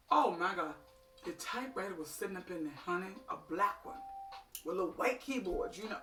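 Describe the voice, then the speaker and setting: A middle-aged woman telling funny stories in an animated, folksy way, calling her listeners honey and child. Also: fairly low pitch, fairly quick. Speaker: storyteller. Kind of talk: comic storytelling. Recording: echoey room, distant mic, faint music.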